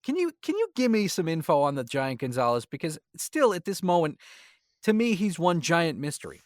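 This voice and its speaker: A man's voice: on the high side, big pitch swings, fairly quick, no room sound, clean studio sound. A man co-hosting a podcast, chatting casually with wry, sarcastic asides. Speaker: podcast co-host. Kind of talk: casual chat.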